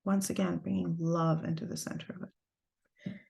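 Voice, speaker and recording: Creaky-voiced woman teaching over video call. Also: lowish voice, little pitch movement, normal speed, dark tone. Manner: earnest, emotional storytelling. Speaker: Torah teacher leading an online class. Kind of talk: heartfelt personal talk to a class.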